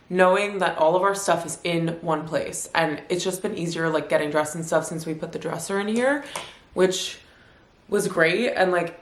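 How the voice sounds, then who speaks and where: A young woman talks casually to the camera from her apartment, chatting in a rambling way with plenty of "like" fillers. Her voice sits slightly low and sounds a little stuffy. The room around her is echoey. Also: a bit bright. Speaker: lifestyle vlogger. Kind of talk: casual vlog chat to camera. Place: at home in an apartment.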